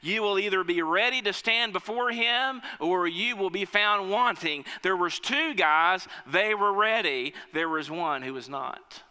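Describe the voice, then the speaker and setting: A man's voice: sits high, unhurried, few pauses, pushed and bright, clear, resonant tone, in a large hall. A man preaching a sermon, emphatic, telling a story and calling on his listeners. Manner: emphatic, storytelling, calls on the congregation.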